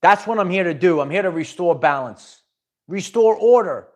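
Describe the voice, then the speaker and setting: An emphatic man delivers a spiritual pep talk to his viewers. His voice sits a little higher than most men's. He repeats phrases and restarts his sentences often. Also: lively intonation, moderate pace. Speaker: spiritual channel host.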